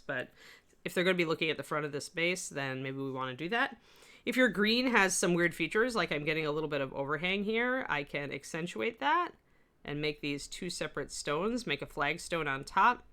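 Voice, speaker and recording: Low, bright-toned woman sculpting instructor. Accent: slight US West Coast. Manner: chatty, rambling asides while working. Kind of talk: live-stream tutorial chat.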